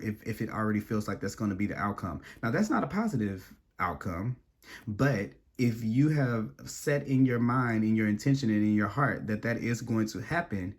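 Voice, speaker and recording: A man's voice: lowish voice, expressive, normal speed. A man talks his way through a tarot reading in a loose, rambling way. He trips over and repeats his words and speaks straight to the listener as if chatting with a friend. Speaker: tarot reader.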